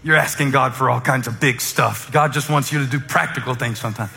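A man preaching a sermon as a humorous, conversational story, with fillers and quick asides. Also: medium pitch, fairly even intonation, gravelly, sharp tone. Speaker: pastor. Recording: echoey hall with faint music.

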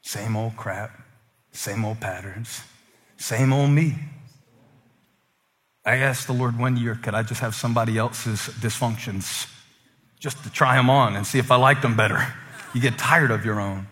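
A middle-aged man preaching a sermon in an animated way, acting out voices and swinging from loud outbursts to hushed lines. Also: mid-range voice, normal speed, long pauses, big-room sound. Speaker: pastor.

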